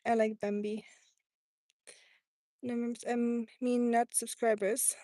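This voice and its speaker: A woman with a thick German accent hosts a live stream, reading out viewer comments and chatting back with easy laughter. Her voice sits a little high. The sound is close and dry, with no room echo. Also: flat delivery, takes it slowly, warm tone. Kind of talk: casual live-stream chat. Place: home in Tennessee.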